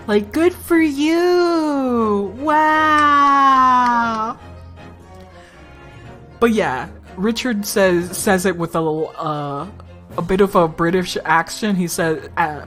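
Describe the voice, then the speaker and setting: Woman streamer, unhurried delivery, blunt, swears a lot, faint game music behind. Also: medium pitch. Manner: blunt, swears a lot, laughs often, chatty asides. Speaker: let's play streamer. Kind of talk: casual gameplay commentary.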